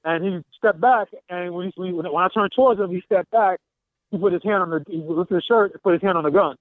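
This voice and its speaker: A talk-show caller at a gym tells the story of a confrontation, animatedly acting out what was said. He has a high voice and talks fairly quickly over a tinny, dry phone line.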